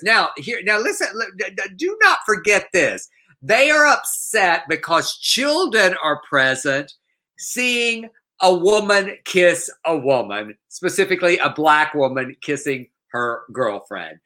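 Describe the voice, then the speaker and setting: A man co-hosting a podcast, retelling a news story in lively casual chat with mock quotes. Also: fairly high pitch, measured pace. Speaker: podcast co-host.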